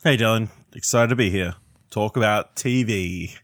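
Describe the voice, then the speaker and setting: A man's voice: fairly low pitch, no room sound, studio quality. Playful man co-hosting a podcast. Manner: quick playful quips. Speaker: podcast co-host. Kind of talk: casual podcast chat.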